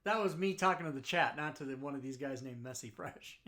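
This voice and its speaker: Bright, playful game player. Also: male voice, medium pitch, fairly quick. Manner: laughing, playful banter. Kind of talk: casual tabletop game chat.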